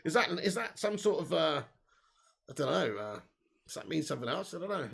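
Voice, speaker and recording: Gravelly chatty football streamer. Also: male voice, fairly high pitch, expressive, moderate pace, pauses often, a bit bright. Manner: chatty, laughs often, reads out chat comments. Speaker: host. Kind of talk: live match watch-along commentary.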